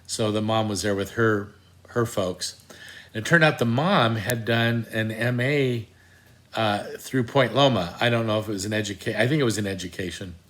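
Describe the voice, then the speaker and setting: Older man, lowish voice, relaxed storyteller, dry self-mocking humor, lots of ums and restarts. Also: moderate pace. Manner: wry, self-deprecating, many fillers and restarts. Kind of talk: casual anecdote.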